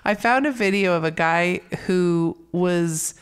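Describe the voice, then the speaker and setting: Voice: medium pitch, slow pace, smooth. A podcast co-host in a casual film discussion, retelling scenes with a laugh and acting out quoted lines.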